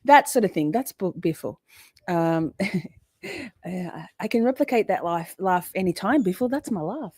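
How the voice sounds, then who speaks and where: A woman's voice: fairly low pitch, animated, measured pace, a little mellow, slightly rough, dry recording. Chatty woman livestreamer, dry close sound. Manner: rambling, chatty, swears freely, breaks off to greet chat. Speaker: livestream host. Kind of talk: casual livestream commentary.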